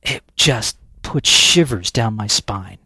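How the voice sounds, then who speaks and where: An American guest spins a high-energy story in interview style, restarting sentences and repeating words. His lowish, animated voice is pushed and bright with a breathy edge, and he takes it slowly. The sound is close and dry, with no room sound.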